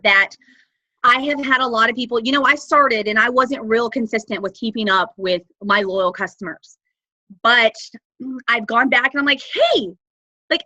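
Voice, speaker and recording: A woman talking through a casual team training, bubbly and animated, acting out chats in high voices. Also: dry recording, muffled recording. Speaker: network marketing team member.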